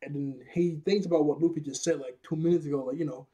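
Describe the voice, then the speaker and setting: A young man recapping an anime episode in loose, laughing chatter. His voice sits fairly high for a man but sounds mellow and husky. He often trips over his words and starts again. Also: fairly even intonation, fast talker. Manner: rambling, laughing often, many restarts. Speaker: anime reviewer.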